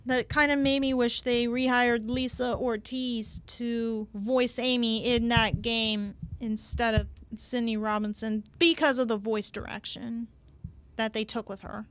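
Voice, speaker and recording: Slow, halting woman with a smooth voice. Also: fairly high pitch, flat delivery. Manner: halting, many repeated words and fillers. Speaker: podcast guest. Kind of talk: casual podcast chat.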